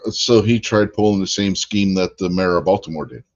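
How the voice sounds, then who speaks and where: Podcast co-host, male, very low voice, chuckly storyteller, dry muffled audio. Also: steady tone, fairly quick, no room sound. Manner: chuckling, anecdotal, addresses viewers. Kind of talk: casual podcast chat.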